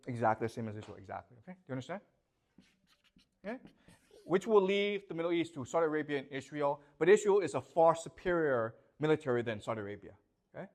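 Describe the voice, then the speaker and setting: A male professor lectures a class in a slightly high, darkish voice with a sing-song, quick delivery, his pitch swinging widely as he fires questions at students. Emphatic and questioning, he keeps pausing to check they follow and repeats himself to drive each point home.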